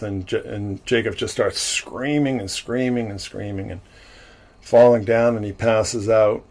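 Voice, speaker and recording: A man with a lowish, somewhat dark voice hosts a livestream, recapping a film casually and ramblingly. He restarts often and chuckles frequently, speaking into a livestream mic.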